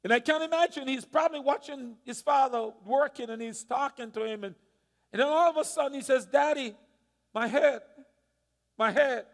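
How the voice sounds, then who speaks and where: High-voiced preacher in a reverberant church. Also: male voice, fairly quick. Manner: dramatic storytelling, swings from hushed to loud. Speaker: pastor. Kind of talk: sermon. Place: church sanctuary.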